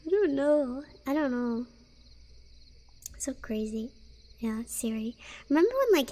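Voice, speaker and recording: A woman streamer chats casually on a live stream in a soft, high voice. She talks slowly, giggles often and rambles through fillers and restarts. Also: lively intonation.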